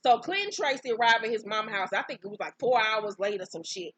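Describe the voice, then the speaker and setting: A woman recapping a reality show in casual, profane storytelling, bursting into high, loud exclamations. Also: animated, fast, dry recording. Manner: profane, brash, outspoken commentary; breaks into high-pitched exclamations.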